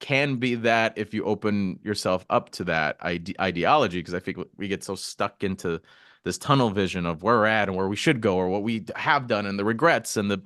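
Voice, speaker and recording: Animated man hosting a podcast. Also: lowish voice, no echo, clean studio sound. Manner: animated, quick asides, lots of backchannel. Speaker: podcast host. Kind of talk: casual podcast chat.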